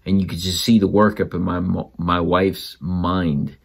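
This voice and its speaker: A man's voice: unhurried, creaky, breathy edge. A father casually telling a story about his child and giving other parents emphatic advice, his voice jumping up when he quotes people. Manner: animated, jumps up in pitch when quoting others.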